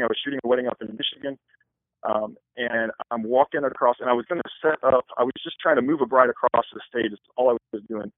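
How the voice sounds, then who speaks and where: A man who works as a wedding photographer, answering interview questions in a fast, rambling way with many restarts. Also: medium pitch, no echo. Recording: tinny phone line.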